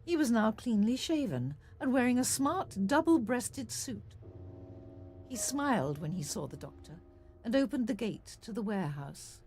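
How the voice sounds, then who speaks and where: A woman narrating an audio drama in a measured, expressive storytelling manner. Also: mid-range voice, slight background noise. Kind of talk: scripted narration.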